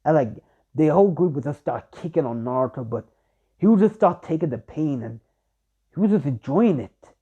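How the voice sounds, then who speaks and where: A man's voice: on the high side, animated, normal speed, warm tone, breathy edge. A young man improvising fan-fiction narration in a rambling way, full of fillers and restarts, on a dull lo-fi recording. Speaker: fan storyteller.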